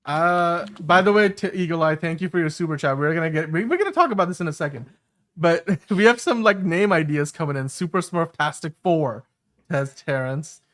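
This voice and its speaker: A man's voice: fairly high pitch, expressive, a little fast, fairly bright tone. A man hosting a live-stream show, reading viewer comments in an easygoing way. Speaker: host. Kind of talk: casual live-stream chat.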